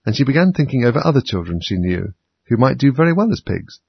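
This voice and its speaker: A man reading a storybook aloud as narrator in a steady, measured way. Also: medium pitch, creaky, breathy edge, no room sound, highs cut off. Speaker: audiobook narrator.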